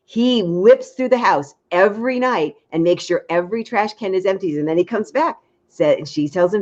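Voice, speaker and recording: A woman dating coach giving frank, lively advice in a casual chat, acting out little quotes. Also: mid-range voice, moderate pace, hardly any pauses, muffled recording.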